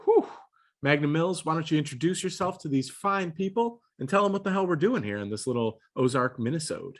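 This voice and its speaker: A man hosting a fan podcast, talking in an excited, jokey way. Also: fairly high pitch, fairly quick. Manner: hyped, jokey, enthusiastic. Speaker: podcast host. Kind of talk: casual podcast chat.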